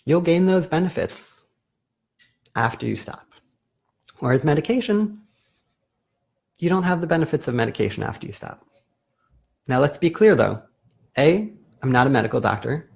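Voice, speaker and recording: A man hosting a live video as a therapist, explaining calmly in a casual, self-correcting way. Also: a little high, moderate pace, creaky, long pauses, breathy edge. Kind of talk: casual live-stream talk.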